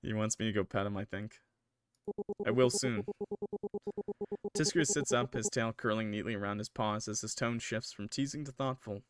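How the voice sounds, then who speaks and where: A man's voice: on the low side, moderate pace, pauses often, soft background music. A man streaming, reading a visual novel aloud with casual, jokey asides.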